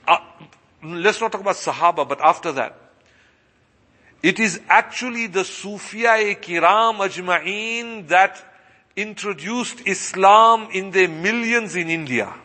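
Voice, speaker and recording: A man's voice: sits high, bright, forceful tone. A man giving a sermon as an imam, asking his listeners rhetorical questions and repeating his points. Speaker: imam and preacher. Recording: long reverberant hall.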